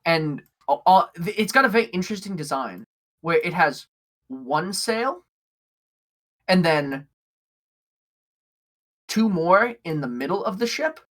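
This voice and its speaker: A man's voice: fairly high pitch, animated, unhurried, long pauses, a bit bright. A man narrating a tabletop game as game master, describing the scene in a rambling way with many fillers.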